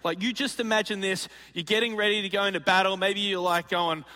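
A male pastor preaching a sermon in an animated, joking way, acting out scenes as he tells them. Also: high-pitched, quick pace, few pauses, long reverb tail. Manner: animated and jokey, acts out scenes.

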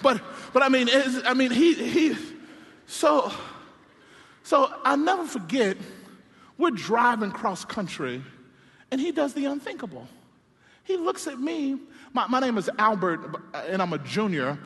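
A man's voice: very high voice, very animated, measured pace, pauses often, fairly bright tone. A man preaching a comedic sermon, telling stories with playful, self-deprecating asides, from a stage in a large church sanctuary. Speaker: pastor. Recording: long hall reverb.

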